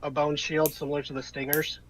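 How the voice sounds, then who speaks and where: A man's voice: a little high, level tone, a little fast, slight background noise, poor audio. A man running a tabletop game as game master, narrating in a rambling, hesitant way full of fillers.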